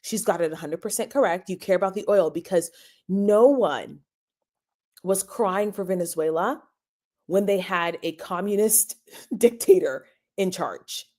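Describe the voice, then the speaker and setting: A woman's voice: lowish voice, a little slow, darkish tone. A woman hosting a podcast, giving opinionated commentary and stressing points by repeating them. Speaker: podcast host.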